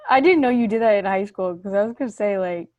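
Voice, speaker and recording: Woman, podcast co-host, relaxed casual chat, dry sound. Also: medium pitch, fast, no echo.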